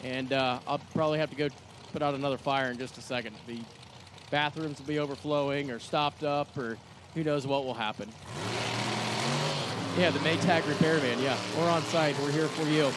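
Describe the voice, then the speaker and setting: High-pitched, excitable drag strip announcer. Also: male voice, heavy background noise. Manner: excitable, folksy, quick to joke. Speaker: track announcer and assistant general manager. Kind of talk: live drag racing commentary. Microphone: hand-held announcer mic.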